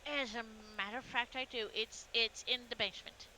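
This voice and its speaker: A woman's voice: on the high side, steady tone, a little fast, pushed and bright, slight background noise. A woman voicing a gracious manor owner who politely welcomes guests into his home. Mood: welcoming. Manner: polite and accommodating.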